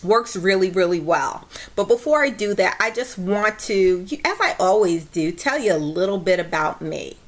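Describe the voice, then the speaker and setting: A woman's voice: mid-range voice, expressive, normal speed, hardly any pauses. A woman vlogging casually to camera, bubbly and giggly, acting out her stories as she goes. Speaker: vlogger reviewing a product.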